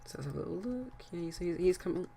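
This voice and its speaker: A man's voice: high-pitched, lively intonation, fast, gravelly, mellow, slight background noise. A man casually narrating his life-sim game let's play, rambling with many hesitations and restarts. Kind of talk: casual game commentary and storytelling.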